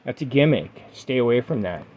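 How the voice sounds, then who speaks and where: A man's voice: medium pitch, lively intonation, fairly quick, darkish tone, lo-fi sound. Emphatic middle-aged man ranting casually. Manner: emphatic, repetitive advice-giving with fillers. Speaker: gaming vlogger. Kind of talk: casual vlog talk to camera.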